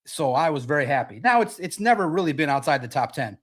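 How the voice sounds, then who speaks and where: A man's voice: fairly high pitch, sing-song, quick pace, fairly bright tone. A man in his forties hosting a sports podcast, talking in a brash, profane and boastful way in a casual livestream monologue. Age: 40s.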